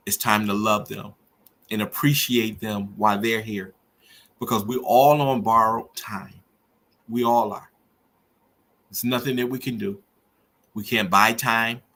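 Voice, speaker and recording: A man's voice: fairly low pitch, pushed and bright. A middle-aged man hosting a podcast, talking earnestly and preacherly about grief and faith. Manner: earnest, preacherly, rising with feeling. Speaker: podcast host. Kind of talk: emotional personal monologue.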